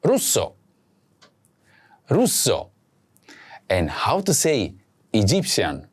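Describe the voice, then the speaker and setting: A man hosting a language lesson, speaking slowly and clearly and saying each word twice for practice. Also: mid-range voice, wildly swooping pitch. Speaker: language teacher host. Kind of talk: slow scripted lesson with repeat-after-me drills.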